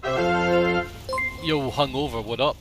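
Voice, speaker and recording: A man's voice: mid-range voice, extremely slow, loud music behind the voice. A man chatting casually on a live game stream, rambling, self-deprecating and swearing freely, sometimes muttering to himself.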